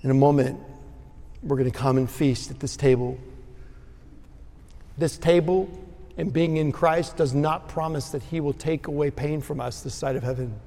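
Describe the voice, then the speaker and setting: A man preaching a sermon as pastor in a church sanctuary, his delivery swinging between ringing emphasis and hushed tenderness. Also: a little high, normal speed, vocal fry, pauses often. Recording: long reverb of a large sanctuary.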